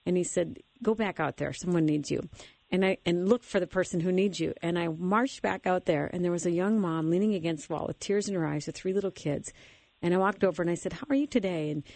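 A woman hosting a casual faith conversation, telling stories in an earnest, animated way. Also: lowish voice, fairly quick, no room sound. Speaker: host.

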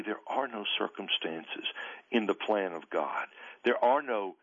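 A male pastor and author, a guest on a radio show, speaking earnestly with emphatic, drawn-out stresses. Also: lowish voice, creaky, fairly bright tone, muffled recording. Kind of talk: radio interview, preaching tone.

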